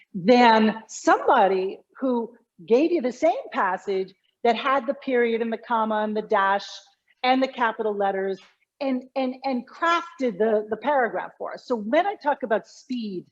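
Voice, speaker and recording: A woman communication coach explaining speech habits in an interview, emphatic and lively. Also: a little high, lo-fi sound. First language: English. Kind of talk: conversational interview.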